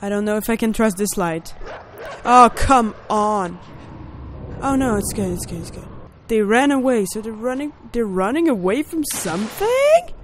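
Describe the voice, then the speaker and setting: A woman hosting a let's play video, reacting excitably and talking to the character on screen. Background hum runs through the noisy recording. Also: a little high, normal speed. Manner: excitable, talks to the game character, yells in panic. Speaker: gaming video host.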